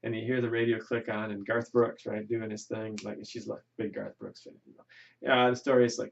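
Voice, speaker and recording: A male economics lecturer with a gravelly voice talks through a classroom lesson in a chatty, folksy way. He keeps checking in with "right?". The recording is dull and lo-fi. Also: fairly low pitch, flat delivery, a little fast.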